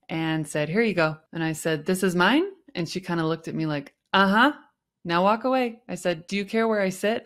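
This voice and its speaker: A young adult woman with a voice on the low side hosts a podcast. She tells a personal story from work, acting out the quoted dialogue in shifting tones.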